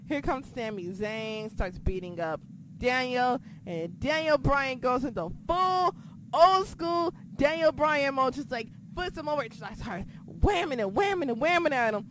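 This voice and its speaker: A woman co-hosting a casual chat, excitable and swearing freely, sometimes losing her train of thought. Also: on the high side, noisy background. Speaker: podcast co-host.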